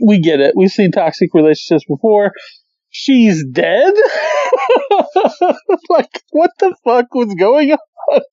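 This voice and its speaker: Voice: mid-range voice, big pitch swings, takes it slowly, long pauses, mellow, no room sound. Incredulous podcast co-host, swearing freely. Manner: incredulous, swears, laughs often. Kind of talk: casual movie review chat. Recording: dull lo-fi dry sound.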